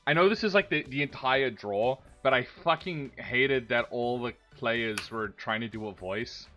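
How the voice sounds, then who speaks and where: A man's voice: medium pitch, moderate pace, sharp tone. A man co-hosting a casual podcast, rambling through opinions, swearing freely and laughing at his own stories. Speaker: podcast co-host. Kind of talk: casual chat. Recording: dull lo-fi sound, faint music.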